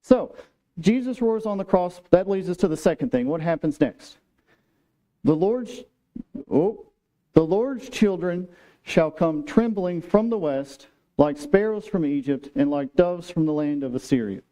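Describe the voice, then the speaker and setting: A man with a high, mellow voice preaches a sermon in a church sanctuary. He talks casually and with humor, slipping into lively acted-out voices for the quotes he reads. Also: measured pace. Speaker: pastor.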